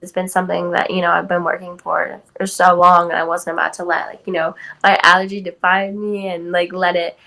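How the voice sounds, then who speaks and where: A woman's voice: fairly low pitch, flat delivery, fairly quick, gravelly, hardly any pauses, bright, forceful tone, rough recording. An eighteen-year-old woman from California, telling a personal story as a podcast guest in a casual way, full of "like" and "um". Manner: chatty, many "like" and "um" fillers. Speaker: guest athlete.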